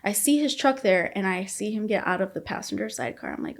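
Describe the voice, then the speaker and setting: A woman's voice: medium pitch, very animated, fairly quick, creaky, few pauses. A young woman as a podcast guest, candidly retelling a painful story, blunt and swearing freely.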